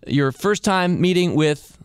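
A man's voice: high-pitched, measured pace, smooth, no echo, clean studio sound. A man hosting a podcast interview, enthusiastic and often repeating his opening words. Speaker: podcast host. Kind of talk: conversational interview.

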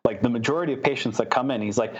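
A man's voice: mid-range voice, rapid-fire, breathy edge, muffled recording. A man answering interview questions as a startup founder, talking with many fillers and restarts.

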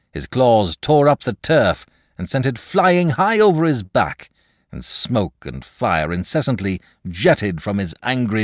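A man narrating a classic tale in a highly expressive, dramatic storytelling manner. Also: no room sound, clean studio sound.

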